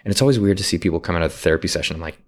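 A young man hosting a podcast, asking probing questions in an animated, laughing casual chat. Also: low-pitched, rapid-fire. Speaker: podcast host.

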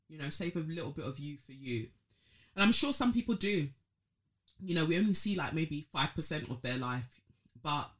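A podcast host thinks aloud in casual solo commentary, reflective and full of fillers and restarts. She has a low voice with a fairly bright tone.

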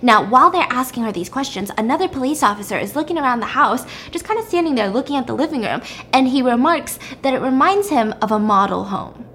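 A woman's voice: fairly high pitch, expressive, fast, few pauses, fairly bright tone, slight background noise. A woman recapping a story in a casual, chatty, blunt way, using "like" often.

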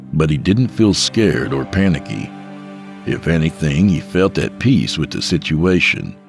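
A man narrating a dark, scripted story in a slow, measured way. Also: very deep voice, vocal fry.

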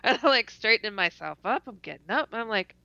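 A woman telling a personal story in a casual interview, animated and laughing often, stuttering and restarting as she goes. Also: fairly high pitch, a little fast, vocal fry, no echo. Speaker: interview guest. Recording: dull lo-fi dry recording.

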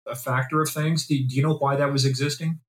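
A man hosting an interview, asking measured, probing questions and often checking with "right?". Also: medium pitch, steady tone. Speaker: interview host. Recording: roomy echo.

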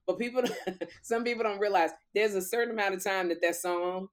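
Middle-aged woman host, casual chat, animated storyteller, a bit winded, mid pitch. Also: brisk. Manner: animated storyteller, acts out quoted voices. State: out of breath. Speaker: talk show host.

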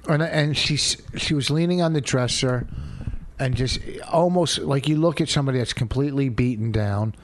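A man's voice: medium pitch, moderate pace. A man who hosts radio, arguing casually with his wife and retelling events with lots of repetition. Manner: animated storyteller, repeats himself. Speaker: radio host. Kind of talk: casual couple argument on a podcast.

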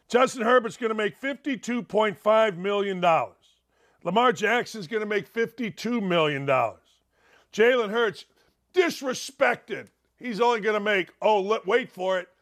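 A man's voice: high voice, fairly bright tone. Ranting sarcastic sports talk man. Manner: sarcastic, ranting, drawn-out emphatic delivery. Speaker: sports talk show host. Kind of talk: opinionated sports talk monologue.

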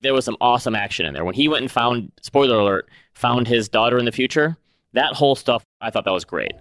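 A man co-hosting a podcast in casual chat, relaxed and chatty with lots of fillers. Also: medium pitch, fast. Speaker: podcast co-host.

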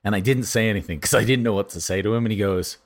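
A man co-hosting a podcast, telling rambling, animated comedy stories in casual chat. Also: on the low side, racing.

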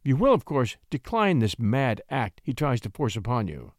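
Brief: male narrator playing a timid young noblewoman, soft-spoken and pleading, storybook reading. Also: medium pitch, very animated, moderate pace, dry recording, studio quality, close to an everyday voice. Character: frightened gentle young noblewoman.

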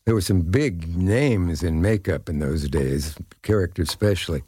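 An older man from Nebraska, a podcast guest telling anecdotes and pausing to recall names. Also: low-pitched, animated, mellow, breathy edge, no echo, studio quality. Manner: reflective, searching for names. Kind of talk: casual chat, anecdotes.

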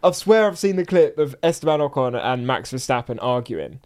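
A man co-hosting a podcast, playing a casual quiz game and shouting out when he gets one right. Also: medium pitch. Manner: excitable, quick to shout when he wins. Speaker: podcast co-host.

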